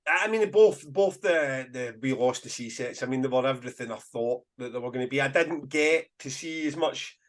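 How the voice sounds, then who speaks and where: A man's voice: mid-range voice, normal speed, hardly any pauses. A Scottish man, a festival promoter, telling stories in a casual podcast chat with bursts of laughter. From Scotland. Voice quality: animated storyteller, bursts of laughter.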